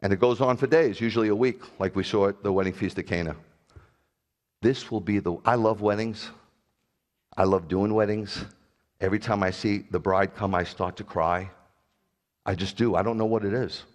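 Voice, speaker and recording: A middle-aged man preaching a sermon as pastor, animated and jokey, with sudden loud bursts. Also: lowish voice, normal speed, long pauses.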